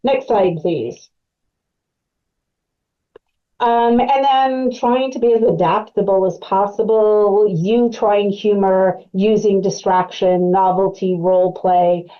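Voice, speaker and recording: A woman's voice: medium pitch, steady tone, measured pace, hardly any pauses, lo-fi sound. A woman presenting an educational webcast as a clinical specialist, explaining in a conversational way with frequent fillers.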